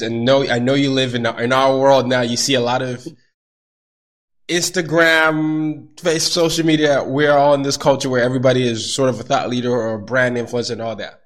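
A young man hosting a podcast, reacting with eager, gushing praise and then asking his guest questions. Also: mid-range voice. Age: young adult. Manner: enthusiastic, gushing interjections. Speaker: podcast host. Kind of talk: podcast interview.

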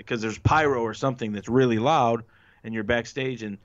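A former wrestling writer, a guest in a casual interview, tells stories in a steady, mid-range voice at a fairly quick pace. He acts out quotes in a raised voice and swears freely, and the audio is muffled and lo-fi.

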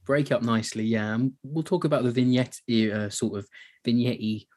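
A man's voice: mid-range voice, steady tone, normal speed, darkish tone. A man co-hosting a podcast, chatting casually about a film with rambling sentences and lots of fillers. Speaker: podcast co-host.

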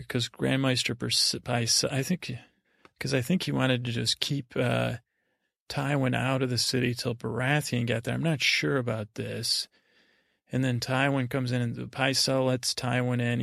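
A man hosting a podcast, rambling through a slow, halting recap full of fillers and restarts, meant to lull listeners to sleep. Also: mid-range voice, vocal fry, a bit bright, dry recording, clean studio sound. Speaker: podcast host. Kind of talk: meandering sleep-inducing recap.

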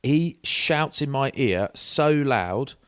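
A man's voice: medium pitch, takes it slowly, clear, resonant tone, no room sound, clean studio sound. A middle-aged man telling an anecdote in a casual chat, peppering it with "mate". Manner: lively storyteller, says mate a lot.

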